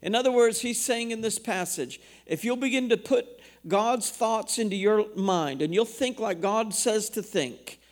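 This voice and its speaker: A man's voice: high voice, a little slow, hardly any pauses. A man, a pastor, preaching a sermon in a church, reading scripture aloud and asking the congregation questions.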